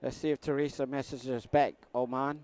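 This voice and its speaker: A man, casually commentating pool matches on a live stream and giving joking shout-outs to viewers. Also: medium pitch, little pitch movement, moderate pace, clean tone.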